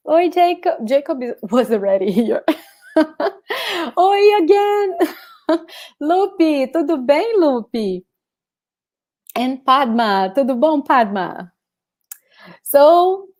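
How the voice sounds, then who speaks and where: A woman from Brazil with a Brazilian Portuguese accent, teaching a live online lesson, greeting viewers by name and explaining slowly. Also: a little high, a little mellow. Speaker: language teacher.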